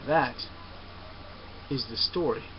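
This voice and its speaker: A man telling a story aloud in a slow, dramatic way, on a dull recording with faint hiss. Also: medium pitch. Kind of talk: told story narration.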